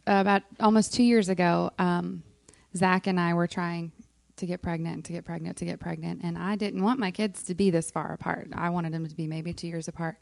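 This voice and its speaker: A woman with a warm, gravelly voice talks softly through a personal faith story, pausing on frequent ums. Her voice is close and dry, with no room sound around it. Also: fairly low pitch, dry recording. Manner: soft-spoken, frequent ums, emotional. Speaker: worship leader on a moms' panel. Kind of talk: casual heartfelt testimony.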